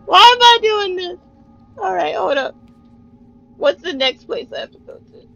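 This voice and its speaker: A young woman streaming a horror game, cursing, yelling at the screen and laughing nervously as she plays. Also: extremely high pitch, expressive, unhurried, gravelly, highs cut off. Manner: laughs nervously between jumps. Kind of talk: live gameplay commentary.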